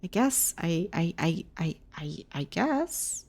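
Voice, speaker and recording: A woman's voice: lowish voice, very animated, slow pace, a little mellow. A woman game streamer reading a game aloud and chatting casually with viewers, often correcting herself. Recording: clear background music.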